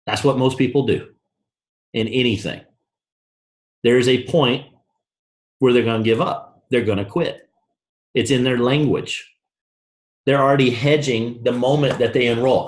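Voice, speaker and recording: A man's voice: normal speed, pauses often. A man giving a blunt, brash motivational talk, telling a story with a punchy, swinging delivery. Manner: blunt, brash, swings from low to shouted highs. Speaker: motivational speaker.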